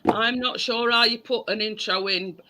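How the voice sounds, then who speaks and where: A hoarse woman with a Yorkshire accent, hosting a casual live-stream chat over a video call and often stumbling over and repeating her words. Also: a little high, steady tone, moderate pace, sharp tone, low-quality recording.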